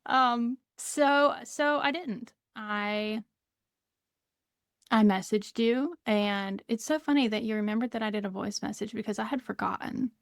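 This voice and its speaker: A woman's voice: on the high side, measured pace, no room sound, studio quality. A woman with a Southern US accent, a podcast guest chatting casually, rambling and laughing often. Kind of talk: casual conversation.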